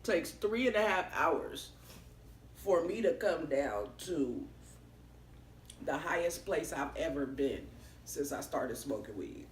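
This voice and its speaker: A woman vlogger telling a story in a casual, animated way, expressive and swearing freely. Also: low voice, takes it slowly, pauses often, a little hiss or hum. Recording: roomy echoey room.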